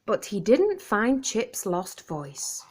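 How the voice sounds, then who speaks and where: A woman storyteller reads a children's picture book aloud, clearly and expressively, for young children. Her pitch rises and falls in a lively lilt, and she takes an unhurried, slow pace.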